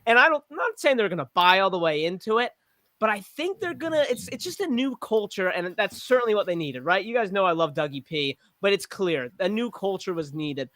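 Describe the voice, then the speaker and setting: A man in casual sports chat, animated and rambling, with lots of fillers. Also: high voice, fairly quick, dry recording. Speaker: podcast panelist playing a witness.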